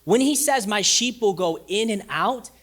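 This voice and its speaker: A man pastor preaching a sermon, repeating phrases for emphasis and swinging from loud emphasis to hushed, almost whispered lines. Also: sits high, animated, normal speed.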